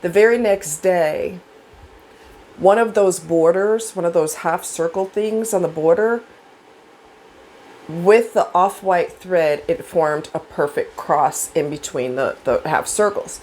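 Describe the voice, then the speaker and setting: On a low-quality recording, a woman with a lowish voice speaks slowly. She's a vlogger casually telling personal stories, chatty and rambling, filling gaps with fillers and putting on lively voices for the people she quotes.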